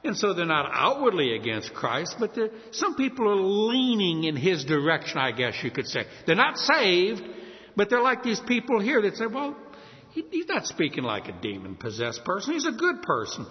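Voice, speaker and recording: A man preaching a sermon as pastor, lively, often acting out the voices of the people he quotes. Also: sits high, long reverb tail, highs cut off.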